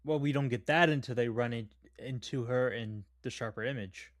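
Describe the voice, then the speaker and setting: A man talking casually on a podcast at a middle pitch. He is chatty and quick to laugh, and often restarts his sentences. The sound is close and dry. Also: no echo. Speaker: podcast co-host. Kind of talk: casual film chat.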